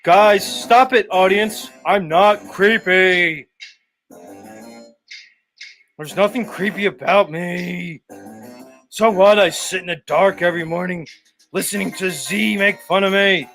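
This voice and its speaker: A man's voice: high-pitched, unhurried, fairly bright tone, faint music behind. A man doing a mocking impression of a whiny, defensive, creepy man who swears a lot. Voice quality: whiny, indignant, profane.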